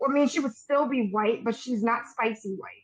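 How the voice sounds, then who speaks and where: A young woman co-hosting a podcast, chatting casually with a snarky, slangy manner and quick asides. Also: on the high side, rough recording. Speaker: podcast co-host. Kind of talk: casual gossip chat.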